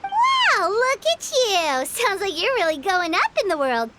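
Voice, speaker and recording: A woman's voice: extremely high pitch, huge pitch swings, a little slow, very noisy, heavily acted. A woman voicing a tiny, chirpy female fairy companion who teases and talks about herself in the third person, for a video game. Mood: teasing. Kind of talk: game voice acting. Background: game music.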